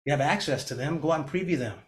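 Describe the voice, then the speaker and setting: A middle-aged man teaching a real estate class over a video call, energetic and motivational, often acting out panicked clients in a higher voice. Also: racing.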